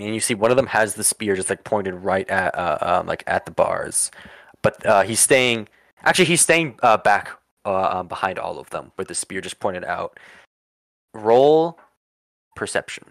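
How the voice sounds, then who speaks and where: A man narrating as game master for a tabletop campaign, rambling with lots of fillers and quick in-character asides. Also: deep voice, animated, creaky, a bit bright, no room sound.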